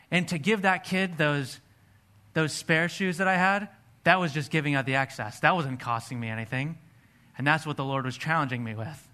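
A man's voice: a little high, moderate pace, sharp tone. A man preaching a sermon, telling a personal testimony in an earnest storytelling way. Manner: earnest storytelling, acts out his own past dialogue.

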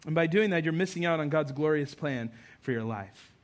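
A man preaching a sermon to his congregation as pastor, animated, moving between loud emphasis and low, quiet tones. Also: a little fast. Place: church sanctuary.

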